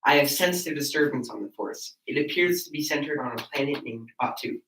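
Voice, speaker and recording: A man's voice: medium pitch, a little fast, fairly bright tone, slight background noise. A teenage boy reads a scripted podcast intro, nervous about his voice cracking. He sits some distance from the mic in an echoey room. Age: teens. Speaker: podcast co-host reading the intro. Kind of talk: reading a scripted show intro.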